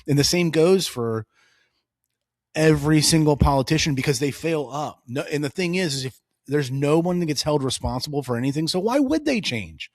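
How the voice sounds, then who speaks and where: A man's voice: on the high side, normal speed, no room sound, clean studio sound. A man in his thirties co-hosting a casual political podcast, telling stories with lots of energy and acting out the dialogue. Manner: animated storytelling, acts out dialogue. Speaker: podcast co-host.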